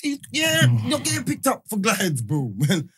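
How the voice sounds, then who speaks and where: A man, telling stories in casual podcast banter, animated and laughing, thick with slang. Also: very high-pitched, moderate pace. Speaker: podcast co-host.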